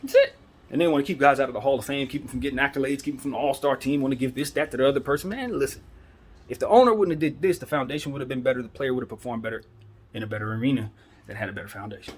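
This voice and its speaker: A man's voice: medium pitch, very fast, husky. A man hosting a basketball commentary show, giving a fired-up, preachy opinion monologue full of rhetorical questions.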